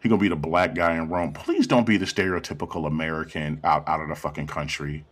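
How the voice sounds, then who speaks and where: A man's voice: very deep voice, fast. A man co-hosting a casual chat with friends, joking and teasing with lots of profanity.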